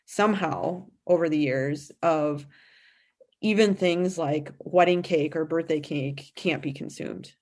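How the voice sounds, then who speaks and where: A woman with a lower-pitched voice co-hosts a casual podcast. She talks emphatically and in quick bursts about her clients, with frequent restarts. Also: darkish tone. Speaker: podcast host and nutrition practitioner.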